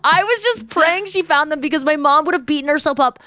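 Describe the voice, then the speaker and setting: A woman in her thirties hosts a podcast, chatting casually and breaking into giggles as she reads texts aloud. Her voice sits a little high, and the sound is close and dry. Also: brisk, sharp tone, no echo. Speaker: podcast host. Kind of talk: casual chat.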